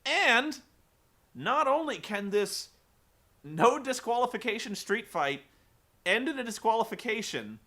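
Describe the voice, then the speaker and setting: A man hosting a casual comedic wrestling recap, animated, laughing and swearing casually. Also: extremely high pitch, a little slow, long pauses.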